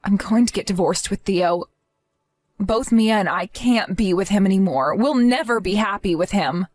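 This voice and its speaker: A woman's voice: medium pitch, moderate pace, darkish tone, dry recording, lightly acted. A woman voicing an exhausted young mother in a family drama who apologizes and begs for help. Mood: pleading. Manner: apologetic, pleading.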